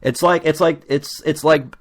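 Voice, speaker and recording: A man's voice: a little high, steady tone, measured pace. A man, hosting his show with a blunt, profane, agitated rant. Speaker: show host. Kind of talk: ranting monologue.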